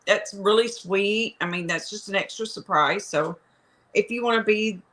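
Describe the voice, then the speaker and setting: A woman's voice: medium pitch, normal speed, fairly bright tone. A woman hosting a casual live chat from home, explaining plans with lots of ums and you-knows. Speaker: host of a live chat stream. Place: home room by a fireplace with a fan running. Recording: noisy home recording.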